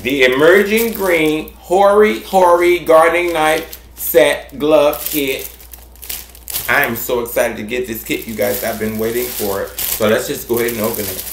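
A man hosting a gardening channel, chatting casually and warmly to viewers, effusive and repetitive. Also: a little slow, roomy sound, a little hiss or hum. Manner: effusive and affectionate, repeats himself, big swings in pitch. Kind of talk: casual vlog chat to viewers.

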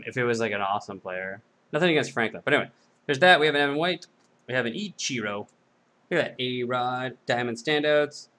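A man's voice: medium pitch, sharp tone. A man hosting a trading card sales video, chatting casually with rambling, self-mocking jokes.

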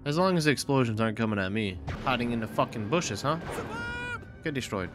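A man's voice: mid-range voice, lively intonation, brisk, music in the background. Profane young man reacting to a video game. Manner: loud, profane, mocking reactions. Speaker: gaming channel host. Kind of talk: casual let's-play commentary.

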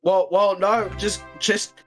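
A man's voice: sits high, fairly even intonation, takes it slowly, soft background music. A man chatting casually while streaming a game. He teases, repeats himself and laughs often. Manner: teasing, giggly, repeats himself. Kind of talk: casual gaming chat.

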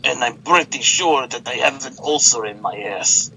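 A man's voice: mid-range voice, moderate pace, bright, forceful tone, a little hiss or hum, low-quality recording. A man playing a whiny, heartbroken guy. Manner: whiny, self-pitying, stammering.

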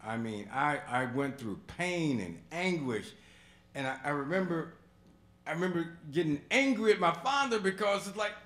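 A man telling a personal story on stage, animated, moving from hushed passages to loud exclamations. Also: fairly high pitch, normal speed. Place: museum auditorium before a live audience. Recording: echoey hall.

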